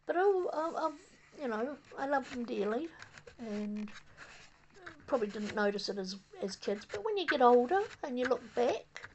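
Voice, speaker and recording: A woman's voice: medium pitch, a little mellow, slight background noise. Rambling older New Zealand woman. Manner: rambling, halting, many fillers and restarts. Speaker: vlogger. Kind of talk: casual reminiscing monologue. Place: outdoors on a windy day.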